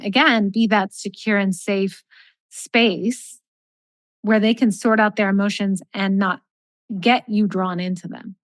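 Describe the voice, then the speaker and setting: A middle-aged woman, a life coach, giving calm, measured advice in a podcast interview and acting out sample lines of dialogue. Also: mid-range voice, dry recording.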